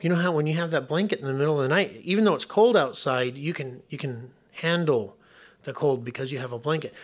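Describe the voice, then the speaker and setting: A man preaching a sermon as a pastor and hospice chaplain, conversational and humorous, going soft and quiet on serious points. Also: a little high.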